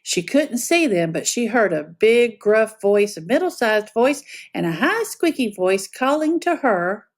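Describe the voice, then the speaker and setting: A woman reading a picture book aloud to children, telling it as an expressive storyteller. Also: a little high, measured pace, few pauses.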